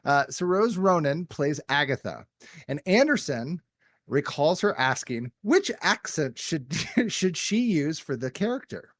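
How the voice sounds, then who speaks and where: A man's voice: on the high side, very animated, measured pace. A man hosting a casual movie podcast panel, reading out trivia in a playful, jokey way. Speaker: podcast host.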